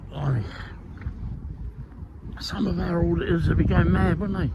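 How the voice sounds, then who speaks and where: A man filming outdoors on an industrial estate, making wry, chatty asides into a handheld camera mic. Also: on the high side. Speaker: vlogger filming in public. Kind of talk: casual running commentary. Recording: dull lo-fi sound, clear street noise.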